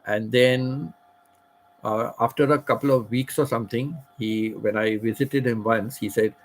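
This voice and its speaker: A middle-aged man tells a personal story in a loose, rambling way, repeating his phrases as he goes. His voice is husky and slightly breathy, sitting at an average pitch for a man. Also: steady tone, unhurried, poor audio. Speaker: channel host.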